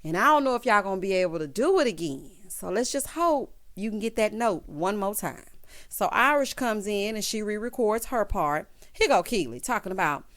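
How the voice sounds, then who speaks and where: A woman recapping a reality show in casual commentary, sassy and animated, calling her viewers "honey" and "child" and acting out quotes in a mocking voice. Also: medium pitch, normal speed.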